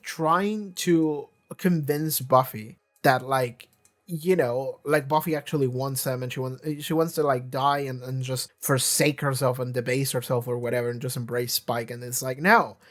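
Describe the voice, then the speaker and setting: A man reviewing a TV season in a rambling, casual monologue, full of filler words and offhand swearing. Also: a little high. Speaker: video reviewer.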